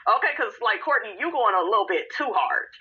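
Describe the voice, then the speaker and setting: A woman's voice: a little high, expressive, brisk, sharp tone, highs cut off. Sassy woman dishing reality-show gossip. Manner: sassy, blunt, profane, addresses listeners as honey and y'all. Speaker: podcast host recapping a reality show. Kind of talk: casual commentary.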